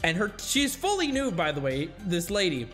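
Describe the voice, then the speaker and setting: A young man tells a rowdy story in casual chat, swearing and giggling as he goes. His voice sits fairly high and leaps around a lot. Faint music plays beneath him. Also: normal speed. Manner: animated, swears often, giggles, jumps into high-pitched shouts. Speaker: streamer. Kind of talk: casual storytelling while reacting to clips.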